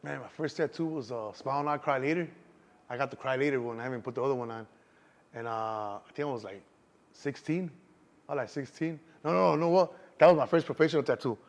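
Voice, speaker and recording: Chicago dude talking quick, street slang, keeps saying you know what im saying. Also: male voice, medium pitch. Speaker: interview guest. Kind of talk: casual storytelling.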